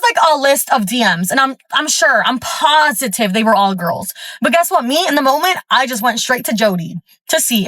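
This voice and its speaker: A woman's voice: sits high, pushed and bright, dry recording. A woman from Florida, recorded at a gym, telling a story in a casual, fired-up way with lots of fillers. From Florida, USA. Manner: chatty, filler-heavy, fired-up retelling. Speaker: storyteller vlogger.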